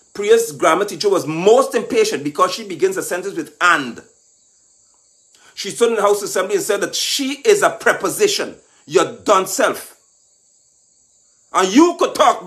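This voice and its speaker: A man delivers a scolding political monologue in a high, very lively voice. He mocks and lectures, pushing up into shouts. Faint insect noise sits behind him. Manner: mocking, lecturing, rising to shouts. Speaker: political commentator.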